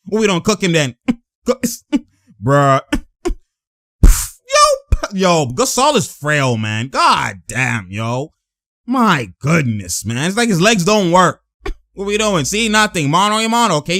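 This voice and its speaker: A man giving loud, laughing, slangy commentary as he reacts to game footage. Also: high voice, no echo, clean studio sound. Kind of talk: excited live reaction commentary.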